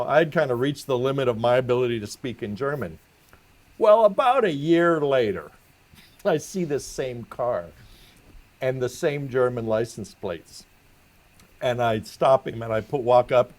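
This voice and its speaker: A man's voice: medium pitch, unhurried. Middle-aged male co-host, ex-traffic cop, chatty storyteller with frequent laughs. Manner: laughing, animated anecdotes. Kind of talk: casual storytelling chat.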